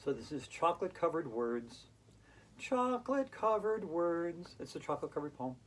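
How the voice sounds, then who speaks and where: A woman's voice: on the low side, very animated, moderate pace, a little hiss or hum, rough recording. A woman leading a playful hula hoop yoga class for kids, talking in a silly, enthusiastic, sing-song way. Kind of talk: playful instructional talk for kids.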